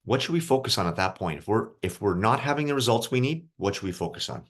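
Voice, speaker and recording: Over a video call, a youth hockey mental coach leads an online group session with young players, casual and encouraging and asking them questions. His voice is on the low side, fast, with lively intonation.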